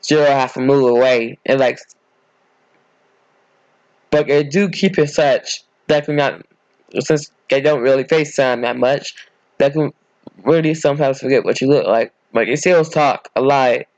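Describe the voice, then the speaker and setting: A man's voice: medium pitch, a little mellow, no room sound. A man casually narrating an improvised fan story, rambling and correcting himself as he goes, on a dull, dry recording.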